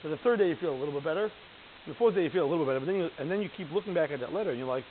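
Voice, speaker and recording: A man with a high-pitched voice leads a text study class. He reads Hebrew lines aloud and unpacks each one in plain, chatty talk, often stopping to ask the class questions. The audio is thin and phone-like, with a faint hiss underneath. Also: animated, racing. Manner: reads Hebrew lines aloud, then translates and explains them; conversational, asks the class rhetorical questions. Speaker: Torah teacher.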